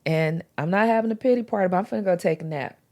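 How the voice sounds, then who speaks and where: Woman, lowish voice, earnest, casual faith podcast talk, informal slang. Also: fast, dark tone. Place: podcast recording.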